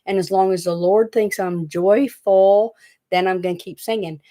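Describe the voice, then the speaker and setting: A woman's voice: mid-range voice, fairly even intonation, moderate pace, dark tone. A woman with a Southern US accent, hosting a casual, rambling livestream chat from a small room at home. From Tennessee. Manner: rambling, chatty, fidgety. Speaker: DIY craft channel host.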